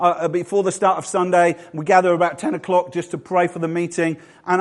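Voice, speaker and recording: A man's voice: on the high side, a little mellow. A middle-aged man preaching a sermon as pastor in a church, chatty and self-mocking, with frequent restarts and jokes to the congregation.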